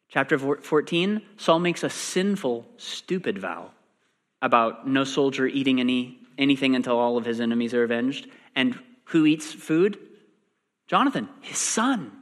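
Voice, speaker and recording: A man preaching a sermon, animated and acting out the quoted lines. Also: fairly high pitch. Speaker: pastor. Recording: long reverb in a large hall.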